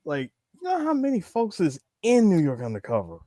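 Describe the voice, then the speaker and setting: A man with a very lively, up-and-down voice jokes his way through a podcast chat. He stammers his way into his points. His mic sounds dry, with no room around it. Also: sits high, brisk, no echo. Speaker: podcast co-host. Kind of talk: casual chat.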